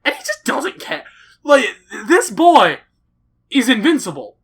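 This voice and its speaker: A man giving a casual, excitable and profane anime recap, rambling as he goes. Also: very high-pitched, measured pace. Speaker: anime reviewer.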